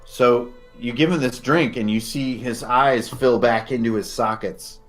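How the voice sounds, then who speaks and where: A man's voice: mid-range voice, faint music behind. Man running a tabletop game. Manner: descriptive, slows down for dramatic moments. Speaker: game master.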